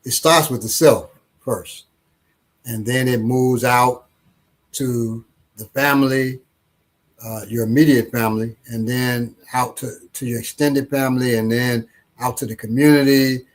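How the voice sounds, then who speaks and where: A man, an author, answering interview questions slowly and thoughtfully, often repeating words as he thinks, with a husky voice. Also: medium pitch, steady tone. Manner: acts out quoted voices in playful anecdotes.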